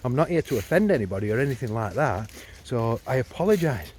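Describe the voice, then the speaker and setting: Man putting on a nervous, apologetic club ventriloquist, flustered, stumbling, middle pitch. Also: sing-song, quick pace, a little mellow, slight background noise, natural voice.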